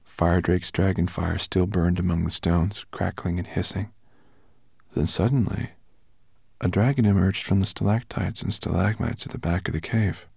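A man reading a fantasy story aloud in a measured storytelling manner. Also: deep voice, fairly even intonation, vocal fry, darkish tone, slightly rough, no room sound, clean studio sound. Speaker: audiobook narrator. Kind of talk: scripted narration.

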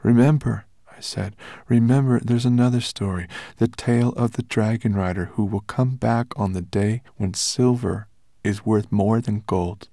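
A man reading an audiobook, voicing a wary, lonely female silver dragon with a hoarse voice. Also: lowish voice, steady tone, moderate pace, mellow, no echo, studio quality, voice pushed up, natural voice. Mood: sad. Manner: uncertain, then earnest and pleading.

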